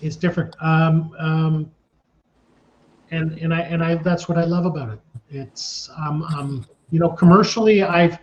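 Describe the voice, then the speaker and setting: A casting director in his sixties, telling animated stories in an interview and acting out the scenes he describes. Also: a little high, unhurried. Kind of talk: storytelling in an interview. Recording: dull lo-fi sound.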